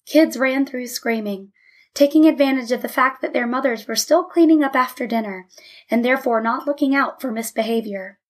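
Female narrator, calm and even, slightly high voice, storybook reading. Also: moderate pace.

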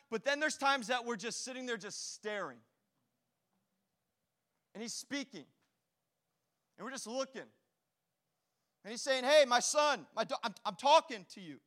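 A man preaching a sermon in a church hall, animated and storytelling, acting out quotes. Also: extremely high pitch. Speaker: pastor.

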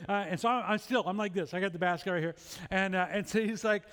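High-voiced pastor man in a reverberant hall. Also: fairly even intonation, quick pace, few pauses, fairly bright tone, clean tone. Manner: humorous self-deprecating storytelling. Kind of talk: sermon.

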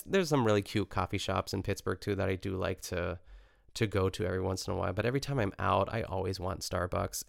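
Gravelly low-voiced rambling man. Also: dry recording, studio quality. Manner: rambling, filler-heavy, self-interrupting; chatty, amused asides. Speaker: podcast host. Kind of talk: casual chat recapping a cooking show.

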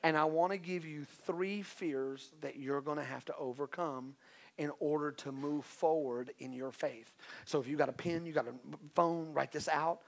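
A man preaching a sermon in a conversational way, with joking asides and swings from quiet to loud. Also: on the high side, normal speed. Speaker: pastor.

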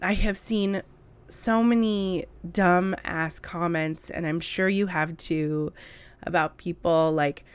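A woman's voice: on the low side, fairly even intonation, slow, clean tone. A woman vlogger giving blunt, emphatic casual commentary to camera, with laughing asides.

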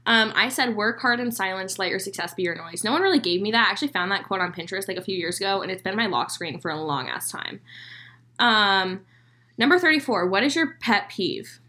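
A woman's voice: mid-range voice, animated, brisk, bright, forceful tone. A young woman co-hosting a chatty podcast, reading out questions and answering with lots of giggles and fillers. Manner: bubbly, giggly, reads questions aloud. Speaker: podcast co-host. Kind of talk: casual chat.

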